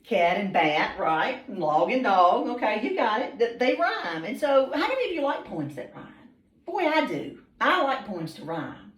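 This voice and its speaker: A woman's voice: mid-range voice, big pitch swings, moderate pace. A woman teacher, patiently questioning students by name in a classroom, with frequent ums. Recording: roomy classroom, mic far off.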